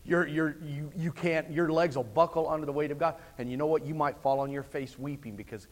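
A man preaching a sermon, swinging from hushed passages to shouted climaxes. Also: on the high side, steady tone, a little fast. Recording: long hall reverb.

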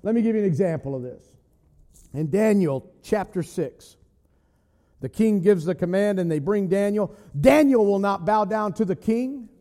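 A male pastor preaching a sermon in an animated way, often shouting. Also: high voice, normal speed, big-room sound.

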